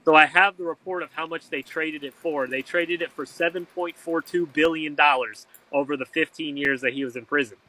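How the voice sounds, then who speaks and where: An interview guest, a man with a bright, forceful voice a little higher than most men's, recounting events with animation. He slips into the voices of the people he quotes. The sound is close and dry. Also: fairly even intonation, fairly quick, few pauses, no room sound, low-quality recording. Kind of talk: storytelling in conversation.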